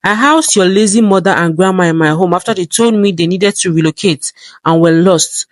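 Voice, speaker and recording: A loyal man explains and warns with earnest urgency, as a storyteller reads his part. The voice stays mid-pitched and dry. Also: a little fast, no room sound, natural voice.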